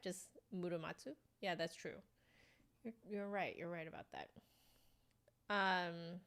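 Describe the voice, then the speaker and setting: A woman hosting a flute livestream, chatting casually with viewers, laughing often and filling with "like" and "um". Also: on the low side. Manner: chatty, giggly, reads chat aloud; fillers, self-correcting.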